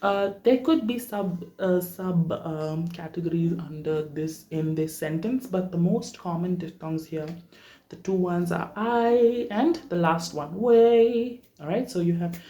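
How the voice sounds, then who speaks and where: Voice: dark tone, lo-fi sound. A vocal coach teaching vowels in a workshop, checking in with listeners often. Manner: checks in often, demonstrates vowels at high pitch. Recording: echoey room.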